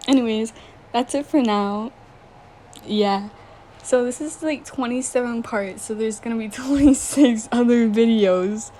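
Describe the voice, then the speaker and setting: A woman's voice: a little high, unhurried, mellow, slight background noise, poor audio. A young woman reading fan fiction aloud, often breaking off to giggle, react and joke. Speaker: story reader.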